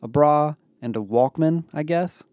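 A man's voice: on the high side, unhurried, darkish tone, dry recording, voice pushed up, natural voice. A man voicing a skeptical teenage girl who complains and questions everything. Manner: suspicious, complaining.

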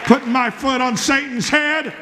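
High-voiced fervent male pastor preaching. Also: steady tone, normal speed, long reverb tail, a faint crowd, a little hiss or hum. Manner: fervent, with rhythmic repetition and bursts of shouting. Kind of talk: sermon. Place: church.

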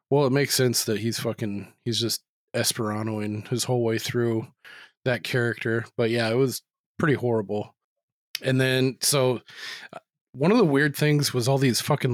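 A man's voice: mid-range voice, no room sound, clean studio sound. A man talking loosely in a casual podcast chat, rambling with lots of "like" and swearing freely.

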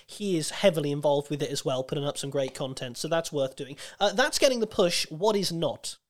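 A man hosting a casual chat show, his voice slightly croaky, chatty and self-deprecating. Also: on the high side, expressive, fairly quick. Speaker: podcast host.

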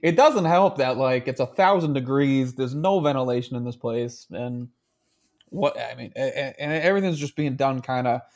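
A man's voice: medium pitch, moderate pace, darkish tone. A man co-hosting a podcast in casual chat, laughing often and swearing freely. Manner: laughing, crude banter. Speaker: podcast co-host. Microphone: handheld mic.

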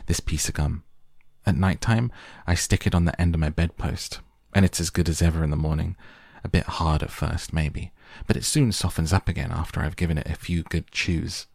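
A man reading the part of a loud, boastful young girl who chews gum and chatters fast. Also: low-pitched, vocal fry, dry recording, studio quality.

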